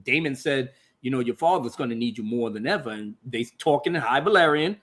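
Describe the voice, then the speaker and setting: A man, hosting a casual TV review and excitedly acting out scenes in exaggerated voices while swearing freely. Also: mid-range voice, a little fast. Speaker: podcast host reviewing a TV episode. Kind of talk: animated casual recap.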